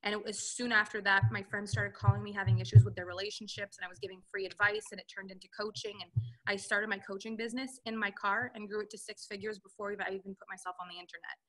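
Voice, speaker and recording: A woman's voice: mid-range voice, little pitch movement, quick pace, fairly bright tone. A woman coaching entrepreneurs, telling her personal story in an interview and acting out the dialogue she quotes. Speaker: relationship and business coach, guest.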